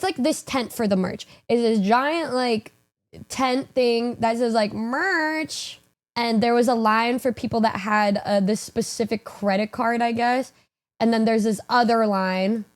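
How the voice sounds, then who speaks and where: A young woman streamer telling a casual story, animated, swearing and laughing through it. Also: fairly high pitch, unhurried.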